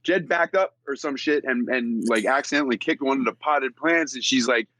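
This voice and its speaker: A man's voice: mid-range voice, normal speed, sharp tone, no echo. Man swapping crude stories on a podcast. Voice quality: swears freely, storytelling. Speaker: podcast co-host. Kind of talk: casual podcast chat. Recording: noisy recording.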